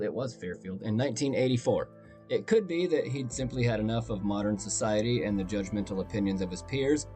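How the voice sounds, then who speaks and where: A man's voice: medium pitch, mellow. A man hosting a storytelling podcast, talking in a conversational, wry and self-deprecating way. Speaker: podcast host and narrator.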